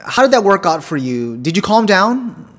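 A man's voice: sits high, big pitch swings, moderate pace, fairly bright tone. A man hosting a video podcast, talking straight to the viewer in a casual, wry way with emphatic asides and rhetorical questions. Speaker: podcast host. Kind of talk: casual explainer monologue. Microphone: desk condenser mic.

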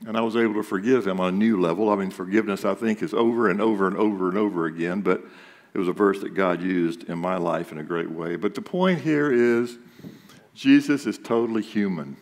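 A man's voice: low-pitched, fairly quick, big-room sound. A male pastor giving a sermon, talking conversationally and asking the congregation rhetorical questions. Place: church sanctuary.

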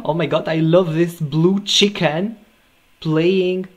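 A man talks slowly and deliberately through a music reaction video, pausing between phrases. He is effusive, piling up exclamations of delight. A song plays faintly underneath him. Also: a little high, fairly even intonation, lo-fi sound. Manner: gushing and effusive, repeating exclamations. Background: faint music from the video being watched.

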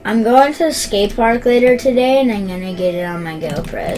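Young woman yelling at her game, high voice, unhurried chatter in between, faint music behind. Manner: yelps, gasps and shouts at each play. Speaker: gaming YouTuber. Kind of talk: excitable gameplay commentary.

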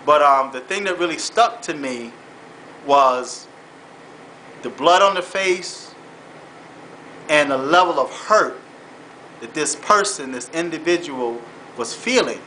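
A man with a fairly high, forceful voice tells his story in an earnest, halting way, often repeating words and saying "man". It is a personal vlog that shifts toward faith-based exhortation. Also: lively intonation, slight background noise, low-quality recording. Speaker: vlogger.

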